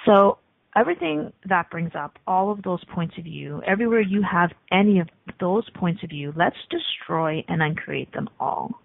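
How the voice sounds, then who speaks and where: Gravelly-voiced woman hosting talk radio. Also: on the low side, no room sound, narrow, tinny audio. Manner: talks fast with many ums. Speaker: radio show host. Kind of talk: casual talk radio monologue.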